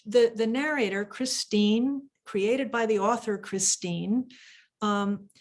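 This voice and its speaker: A woman talks slowly and reflectively about a novel, often searching for the right words. Her pitch is ordinary. She is heard over a video call. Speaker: conversation partner at a book event. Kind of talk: thoughtful literary discussion.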